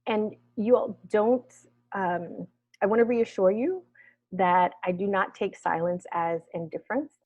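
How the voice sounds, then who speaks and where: Mellow-voiced woman therapist on a video call. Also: mid-range voice, measured pace, no room sound. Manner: gentle, reflective, often asks "right?". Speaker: therapist and guest speaker. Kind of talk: guiding a wellness workshop discussion. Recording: dull lo-fi video call audio.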